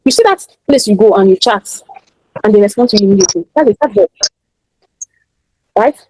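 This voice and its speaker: A woman's voice: mid-range voice, expressive, fairly quick, mellow, no echo, low-quality recording. A Nigerian woman teaching an online class, emphatic and motivational, often repeating her key points.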